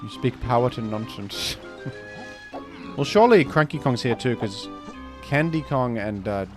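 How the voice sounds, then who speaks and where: Joking streamer, lively voice. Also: male voice, mid-range voice, unhurried, music in the background. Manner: dry, joking banter reading chat. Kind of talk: casual gameplay commentary.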